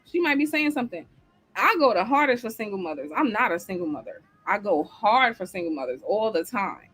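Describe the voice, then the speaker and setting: A woman's voice: mid-range voice, big pitch swings, a little fast, fairly bright tone, husky. Blunt, swearing woman hosting a livestream. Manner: blunt, profane, heated; answers the live chat. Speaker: host. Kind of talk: livestream talk show rant.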